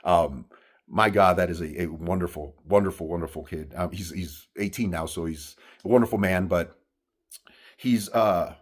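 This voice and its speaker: A man telling a personal story in an earnest, halting way, with many restarts and fillers. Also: sits low.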